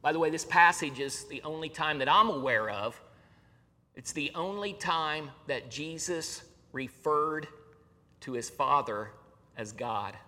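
A man preaching a sermon as a pastor, earnest, moving between raised emphasis and hushed, solemn passages. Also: on the high side, expressive, unhurried. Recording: long reverb of a large hall.

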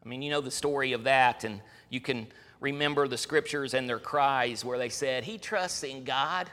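A man's voice: medium pitch, fairly even intonation, normal speed. Earnest preacher man in a reverberant hall. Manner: earnest preaching, swings from raised to hushed delivery. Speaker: pastor. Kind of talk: sermon. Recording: long reverb of a large hall.

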